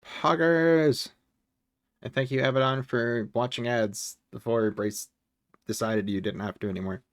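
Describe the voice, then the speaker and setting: In a casual livestream from his home, a man with a fairly low, level voice talks at a moderate pace. He rambles, swears frequently, and keeps chuckling. The audio is clean studio sound with no room sound.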